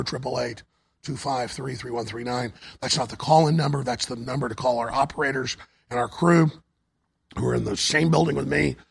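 A hoarse man hosting a talk show, urgently pitching products and asking for donations on air. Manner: urgent, repetitive sales pitch. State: hoarse, voice nearly gone.

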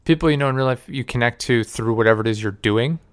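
A man's voice: medium pitch, quick pace, clear, resonant tone. A man hosting a casual chat, rambling and hesitant, full of fillers.

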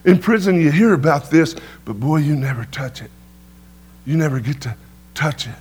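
Sharing his testimony from the pulpit, a middle-aged man speaks at a moderate pace in a rather high, husky, darkish voice with lively intonation. His folksy stories are peppered with "amen" to the crowd.

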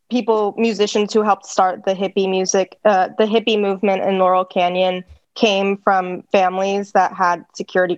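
A woman's voice: lowish voice, dry recording, muffled recording. A woman co-hosting a podcast, chatty and sardonic, with lots of fillers. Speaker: podcast co-host. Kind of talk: casual chat.

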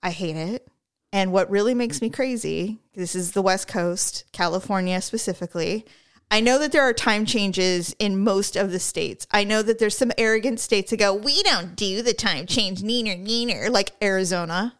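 A woman hosting a podcast in casual chat, ranting in a sarcastic, animated way from a studio mic. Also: mid-range voice, moderate pace, clean tone. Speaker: podcast host.

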